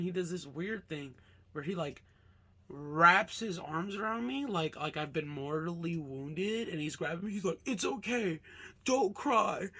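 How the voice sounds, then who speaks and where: A man's voice: fairly high pitch, sharp tone. A young man from Alaska casually telling a rambling childhood story with lots of fillers and swearing. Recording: music playing behind.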